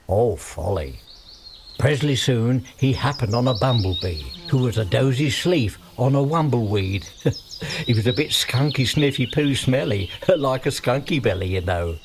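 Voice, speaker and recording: A man's voice: medium pitch, lively intonation, moderate pace, vocal fry, a little hiss or hum. A man narrating a comic story in playful, garbled nonsense words. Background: music.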